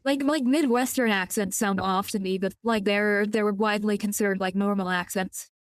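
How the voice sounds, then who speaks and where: A woman's voice: mid-range voice, fairly even intonation, moderate pace, clean tone, no room sound. Young cali girl streamer rambling while she plays, lots of "like" and restarts, dry close mic. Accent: Californian. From California. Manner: rambling, many restarts and repeated words, swears casually. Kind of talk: casual live-stream chat while gaming.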